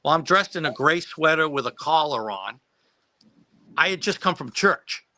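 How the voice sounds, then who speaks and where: A man's voice: on the high side, lively intonation, moderate pace, bright, forceful tone. A man telling a long, rambling anecdote about his days as a film extra, full of restarts and laughing at his own story. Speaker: guest who acted as a child extra. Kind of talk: casual anecdote on a live stream.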